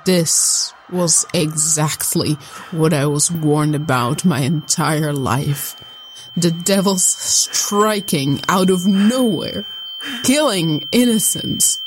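Female narrator, low and unhurried, solemn measured storytelling, faint noise behind. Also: poor audio. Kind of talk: scripted first-person storytelling.

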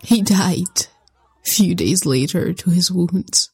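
A woman narrating a scripted first-person story in a soft, sombre reading. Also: on the low side, slow, breathy edge, poor audio.

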